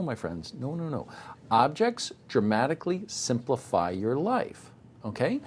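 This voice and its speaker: A middle-aged man teaching a technical course live, animated and joking, sometimes acting out little voices. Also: mid-range voice, unhurried, a little hiss or hum. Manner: animated, jokey, acts out voices. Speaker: instructor. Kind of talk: live technical demo with banter.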